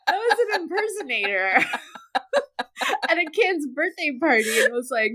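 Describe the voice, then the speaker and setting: A woman's voice: high voice, sing-song, measured pace, bright, forceful tone. A woman co-hosting a podcast in casual chat, telling stories with lots of fillers and the odd swear word. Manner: chatty, swearing, many fillers. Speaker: podcast co-host.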